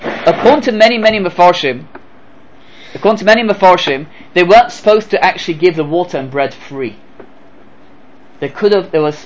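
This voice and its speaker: A man teaching a Torah lesson in an animated way. He throws out rhetorical questions and acts out short exchanges, his voice swinging from low to high. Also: lo-fi sound. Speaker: rabbi. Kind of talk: Torah lecture.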